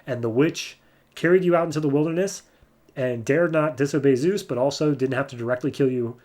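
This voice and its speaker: A man's voice: mid-range voice, brisk, a little mellow, close to an everyday voice. A man voicing a polite, nervous scientist in a comic recap, explaining matter-of-factly.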